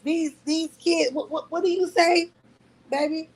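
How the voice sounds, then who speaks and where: A high-voiced woman holds forth on her livestream in a loose, casual rant. She mocks her target with profane trash talk and breaks into laughter often. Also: steady tone, unhurried, rough recording. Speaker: livestream host. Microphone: talking to a phone on a live stream.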